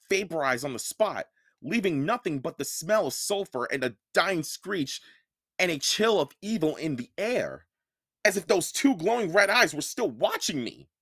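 Podcast audiobook reader, male, lively storytelling, dry close mic. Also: on the high side, no echo. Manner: expressive storytelling. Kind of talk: first-person audiobook narration.

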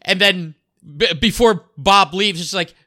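A man chatting casually about a TV show, his voice high and sharply bright. He restarts his sentences often, repeating words as he reaches for names and details. The sound is close and dry. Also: no room sound. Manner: halting, repeats words while searching for details. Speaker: podcast co-host. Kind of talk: casual chat recapping a TV episode.

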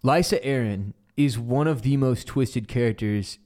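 A man co-hosting a podcast, casually recapping a TV episode with lively retelling and bits of swearing. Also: medium pitch, measured pace. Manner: animated retelling, acts out character quotes, swears casually. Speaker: podcast co-host.

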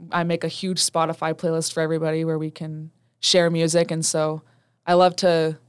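A young woman co-hosts a student podcast in a relaxed, talkative way, laughing easily. Her voice sits a little low and sounds smooth and clean. The recording is dry and close. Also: brisk, dry recording. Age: young adult. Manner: chatty, laughs often. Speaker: student radio host. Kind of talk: casual podcast chat.

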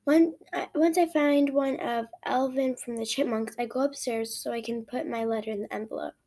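A woman's voice: fairly high pitch, fairly even intonation, moderate pace, mellow. A woman hosting a podcast, reading her own story aloud expressively, with frequent restarts.

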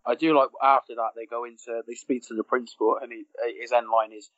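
A man's voice: medium pitch, level tone, fast talker, a bit bright, no room sound, muffled recording. A man co-hosting a casual film chat, often laughing as he retells scenes. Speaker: podcast co-host.

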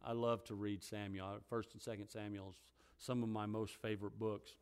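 A man preaching a sermon. He reads scripture quietly and in a lower voice, then grows loud and high as he preaches on it. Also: flat delivery, moderate pace, smooth.

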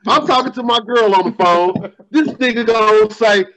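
A man hosting a podcast, telling profane stories in a casual, animated way. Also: high-pitched, normal speed, rough recording. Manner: profane, animated storytelling, laughing. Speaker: podcast host. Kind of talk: casual storytelling chat.

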